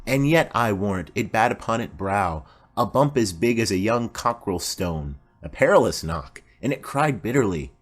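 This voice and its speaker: A man's voice: fairly low pitch, animated, normal speed, hardly any pauses. A man voicing a rambling old nurse. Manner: rambling, garrulous. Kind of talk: audiobook play reading.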